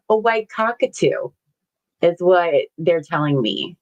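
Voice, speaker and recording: Reading viewer comments aloud on her casual livestream, this woman rambles and chats in a lowish, expressive voice, taking her time. She laughs a lot and swears casually, and the audio sounds dull.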